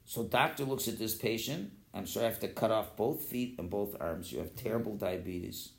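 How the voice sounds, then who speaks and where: A man teaching an informal Torah philosophy class, lively and conversational, acting out quoted voices and often restarting his sentences. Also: on the low side, moderate pace, vocal fry. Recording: roomy echo.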